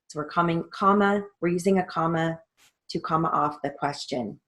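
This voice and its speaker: A woman's voice: low voice, moderate pace, a bit bright. A woman, a court reporting instructor, walking through a transcript line by line and naming each punctuation mark as she reads it aloud. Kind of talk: recorded theory lesson walkthrough.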